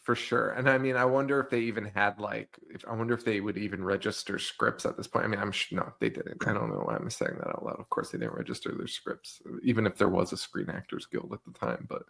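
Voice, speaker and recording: A man's voice: fairly low pitch, expressive, fast talker, creaky, hardly any pauses, fairly bright tone. A man co-hosting a movie podcast in casual chat, joking and laughing often as he recaps scenes. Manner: joking, laughs often, acts out silly quotes. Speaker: podcast co-host.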